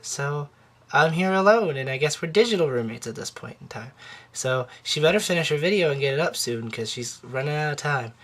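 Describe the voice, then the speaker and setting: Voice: mid-range voice, lively intonation, fairly quick, fairly bright tone. Offhand, mildly grumbling vlogger intro. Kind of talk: casual vlog intro.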